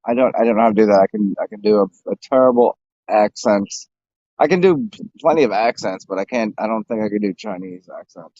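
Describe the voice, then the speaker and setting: A man's voice: on the low side, brisk, mellow, dry recording, lo-fi sound. A man chatting casually to his viewers on a phone livestream outdoors, rambling with many fillers and restarts. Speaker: vlogger. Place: outdoors, in a windy city park.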